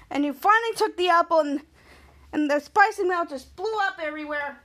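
Casting: rambling woman podcast host, high-pitched, casual recap delivery. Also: brisk, a bit bright. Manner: rambling, restarts often.

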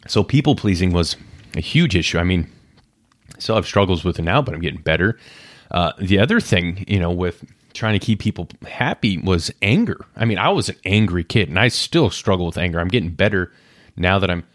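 A man in his thirties speaks candidly in a reflective personal monologue, searching his past out loud. His voice sits a little low. The sound is dry and close, with no room around it. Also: lively intonation, a little fast, dry recording. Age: 30s. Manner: candid, self-searching, acts out inner voices. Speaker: podcast host.

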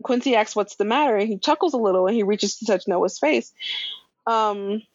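A woman's voice: mid-range voice, normal speed, breathy edge, dry recording. Chatty woman recapping a show, dry lo-fi sound. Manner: animated storytelling with laughs and slangy asides. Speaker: podcast co-host recapping a show. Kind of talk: casual chat.

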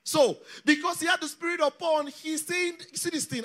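A man preaches with a bright, ringing voice that sits very high for a man. He is emphatic and leads the congregation through scripture, pressing questions back at them. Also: steady tone, normal speed. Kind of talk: sermon. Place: church or camp meeting hall.

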